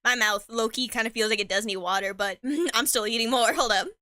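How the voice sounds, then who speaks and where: A young woman streamer rambling casually as she eats, tripping over words and tossing in slang. Her voice is bright and a little high. The sound is dry and close, with no room around it. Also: brisk, no echo. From Mexican heritage. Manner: chatty and rambling, stumbles over words, slangy, laughs often, talks with mouth full. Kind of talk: casual chat while eating.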